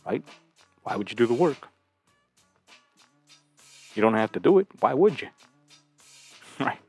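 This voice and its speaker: A man's voice: medium pitch, big pitch swings, slow pace, a little mellow, slightly rough, soft background music. A man hosting his channel and giving blunt, crude reaction commentary on clips, often tossing in a rhetorical "right?".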